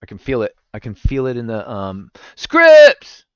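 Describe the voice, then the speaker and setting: Animated swearing male streamer. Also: mid-range voice, fast talker, clean tone, no echo, dull audio. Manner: animated, swearing, talks to chat. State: recovering from gallstones. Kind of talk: casual live-stream chat.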